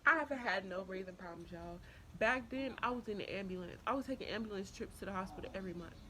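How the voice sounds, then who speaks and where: A young woman talks straight to her viewers in a casual story-time vlog, emotional and deeply thankful. Her voice sits at an ordinary middle pitch for a woman. A faint hum of room noise runs underneath. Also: quick pace, pushed and bright. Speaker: vlogger.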